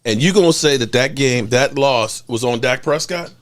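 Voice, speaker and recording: A man hosting a live sports podcast, loud and fired up, ranting with frequent restarts. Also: medium pitch, moderate pace. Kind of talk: heated live-stream sports rant. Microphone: desk mic in home studio.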